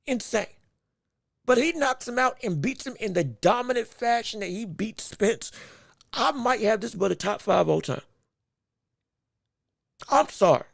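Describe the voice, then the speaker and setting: A man hosting a live boxing podcast stream, talking excitedly, laughing, restarting his sentences and calling out greetings to viewers in chat. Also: high-pitched, unhurried, gravelly, long pauses, no room sound, clean studio sound. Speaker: podcast host.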